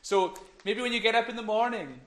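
A man with a high, light voice leads a children's talk in church. He is playful and encouraging, and at times sinks into a hush. He speaks into a microphone. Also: a little fast. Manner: playful, encouraging, drops to whispers. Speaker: minister giving a children's talk.

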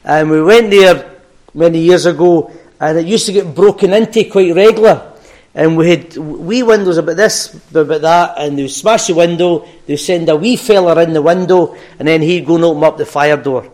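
A man's voice: on the high side, moderate pace, darkish tone. An older man with a Glaswegian Scottish accent, praying and then telling a story in an earnest, folksy sermon. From Scotland. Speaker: pastor.

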